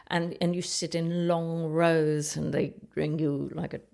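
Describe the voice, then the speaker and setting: A woman's voice: low voice, level tone, measured pace, vocal fry, dark tone. A middle-aged woman, a comedian, telling rambling, self-mocking anecdotes in casual chat. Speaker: comedian and ventriloquist host. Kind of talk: casual comic storytelling.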